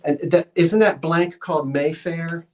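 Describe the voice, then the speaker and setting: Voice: medium pitch, steady tone, a little slow. A live-stream sale host in a shop, chatting casually with a rambling, self-deprecating manner, reading out viewer comments and counting down bids. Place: shop, indoors.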